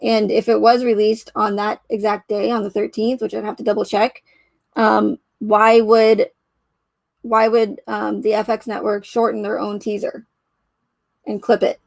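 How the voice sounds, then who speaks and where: A woman's voice: mid-range voice, level tone, measured pace, vocal fry, no echo. A woman giving casual commentary on a criminal case, skeptical and questioning as she picks apart details, often trailing off and restarting. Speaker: true crime commentator.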